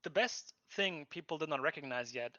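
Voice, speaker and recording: A man's voice: a little high, animated, normal speed, sharp tone, no echo. A man co-hosting a livestream who teases his colleagues in a casual way. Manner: teasing, joking. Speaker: co-host. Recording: dry, dull lo-fi mic.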